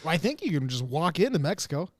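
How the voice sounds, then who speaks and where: A man's voice: a little high, big pitch swings, fast talker, dry recording, studio quality. A young adult man co-hosting a podcast in casual chat, joking and cursing with frequent laughter. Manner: joking, profane, riffing with a laugh. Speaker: podcast co-host.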